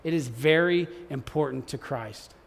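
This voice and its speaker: A man's voice: medium pitch, unhurried, creaky, slightly rough, big-room sound. A man preaching a sermon as pastor, earnest and often repeating words as he builds his points.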